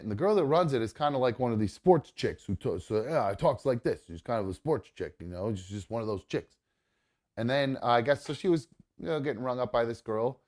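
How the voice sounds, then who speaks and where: A man's voice: mid-range voice, lively intonation, fairly quick, darkish tone. A man hosting a live talk show, telling a story casually with lots of fillers. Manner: rambling, many fillers. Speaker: host.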